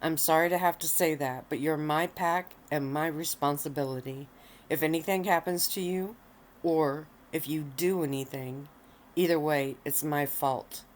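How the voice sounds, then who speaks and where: A woman reading the lines of a stern male werewolf pack alpha, firm and measured, in a low voice. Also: slight background noise, lightly acted. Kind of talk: read-aloud story.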